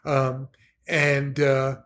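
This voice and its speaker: A man's voice: mid-range voice, completely flat delivery, very slow, a bit bright. A man hosting a podcast, speaking in a reflective, hesitant way with many fillers. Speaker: podcast host. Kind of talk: casual conversation.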